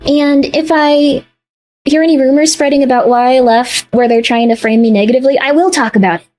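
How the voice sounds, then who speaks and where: High-voiced agitated female streamer. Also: quick pace, soft background music. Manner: agitated, then talks herself into calm. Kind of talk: livestream talk.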